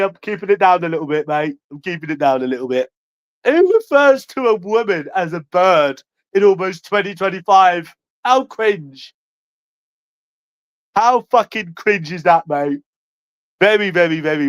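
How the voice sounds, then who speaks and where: Taunting man with a high voice. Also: clear, resonant tone, no room sound. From London. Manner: taunting, profane, repeats "mate" constantly, loud then hushed. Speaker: vlogger. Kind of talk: ranting monologue to camera.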